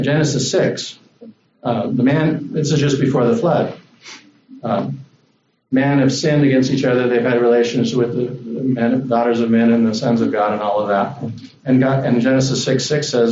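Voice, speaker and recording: A man preaching a sermon to a congregation as a visiting speaker, in a relaxed, conversational way that rises when he voices the lines he quotes. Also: mid-range voice, echoey room, distant mic, dull audio, slight background noise. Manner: conversational, animated when voicing God. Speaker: guest preacher.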